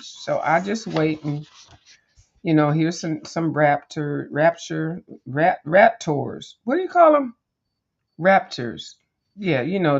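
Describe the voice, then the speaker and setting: A woman's voice: low voice, lo-fi sound. A woman hosting a coloring video, chatting casually and rambling as she flips through pages, with lots of fillers and sassy asides to viewers. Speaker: coloring channel host. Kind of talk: casual chat while flipping through a coloring book.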